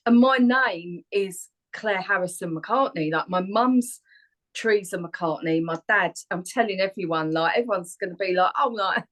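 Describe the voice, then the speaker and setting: A woman's voice: lowish voice, moderate pace, a bit bright, rough recording. A woman, chatting as a guest on a radio show over a video call, rambling and laughing often. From Harlow, Essex, England. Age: 40s. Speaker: guest singer and actor. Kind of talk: casual chat on a radio interview. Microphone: remote video call.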